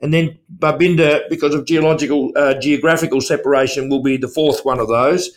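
A man's voice: a little high, fairly even intonation, brisk. An older man, chairman of a mining company, talking as an interview guest in a loose, rambling way. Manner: rambling, restarts often.

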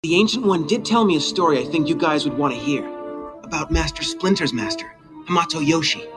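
An excitable young cartoon turtle, voiced by a man, bouncing his pitch up and down as he urges the others on. His lines sit over loud music from the show. He sounds eager and high-pitched. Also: brisk, lightly acted.

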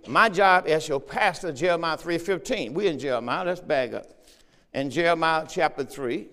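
A pastor preaches a sermon in church, reading scripture aloud in a raised voice and tossing call-and-response asides to the congregation. His voice is fairly high-pitched and a bit bright, with a big-room sound.

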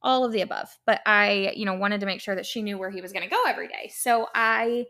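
A woman's voice: medium pitch, quick pace, bright, forceful tone. A young woman hosting her own podcast, talking casually in a chatty, rambling way with lots of "like" and "um". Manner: chatty and rambling, many "like" and "um" fillers. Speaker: podcast host. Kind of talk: casual solo podcast monologue.

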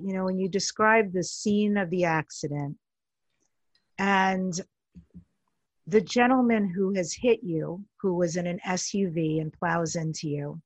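A woman's voice: medium pitch, dry recording. Woman host, middle voice, curious, close and dry recording. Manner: empathetic, curious questioning. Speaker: interviewer, host. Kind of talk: conversational interview.

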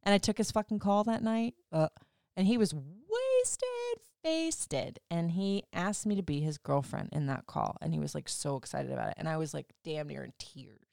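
A woman's voice: low-pitched, steady tone, fairly quick, vocal fry, hardly any pauses, darkish tone, dry recording, studio quality. A woman hosting a podcast, telling a personal story in a chatty, casual way, swearing freely and using "like" often. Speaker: podcast host.

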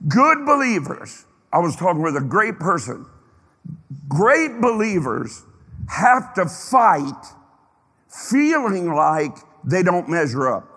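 A man's voice: high voice, big pitch swings, slow, sharp tone, slightly rough. A man preaching a sermon to his congregation, emphatic, stretching out phrases and firing questions at his listeners. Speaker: pastor. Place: church sanctuary. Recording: reverberant hall.

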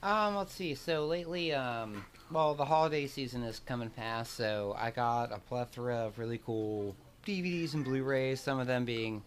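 A man's voice: mid-range voice, normal speed, hardly any pauses. Laid-back man talking films, faint hiss. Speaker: podcast co-host. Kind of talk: casual chat.

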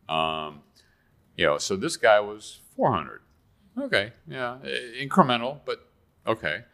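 Deep-voiced halting man. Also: sharp tone. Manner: halting, with frequent restarts and repeated words. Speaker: guest author. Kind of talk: casual conversation.

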